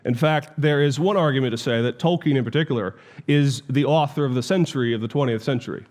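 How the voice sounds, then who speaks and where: A man's voice: medium pitch, darkish tone. Reflective male professor lecturing. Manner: reflective storytelling, with deliberate pauses. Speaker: theology professor.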